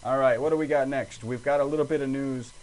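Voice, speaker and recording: A man's voice: mid-range voice, fairly even intonation, fast, darkish tone, poor audio. A man with a Southern US accent co-hosting a casual podcast, joking around and reading listener reviews aloud. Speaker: podcast co-host.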